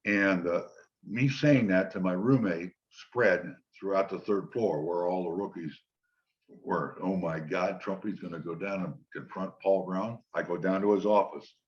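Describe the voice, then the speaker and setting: An older man, a former football player, relaxed as he tells long anecdotes in an interview and quotes the people in them. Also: sits low, unhurried. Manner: relaxed anecdotal storytelling, quoting others. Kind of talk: storytelling interview. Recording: dull lo-fi sound.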